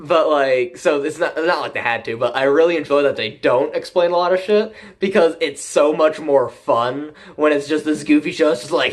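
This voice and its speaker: A man recaps an episode in a loose, rambling way, swearing freely and breaking into laughs. His voice sits a little higher than most men's. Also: moderate pace, few pauses. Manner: rambling, profane, laughs often. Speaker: anime reviewer. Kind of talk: casual profane recap.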